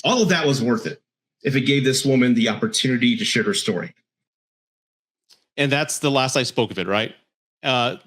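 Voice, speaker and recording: A man's voice: medium pitch, fairly bright tone. A man talking in a casual commentary vlog, heated and blunt, swearing freely and stammering through restarts. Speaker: commentary creator.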